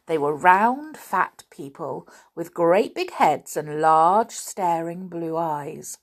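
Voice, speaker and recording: A woman reading a children's storybook aloud as narrator, expressive and unhurried. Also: lowish voice.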